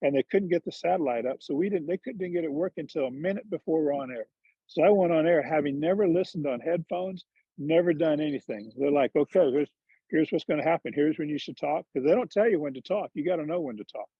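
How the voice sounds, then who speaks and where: Candid, self-deprecating storyteller, man, husky and mellow, dry lo-fi call audio. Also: a little high, expressive, fast, no echo. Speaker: former tour golfer and TV commentator. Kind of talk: casual interview storytelling. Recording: dull lo-fi dry sound.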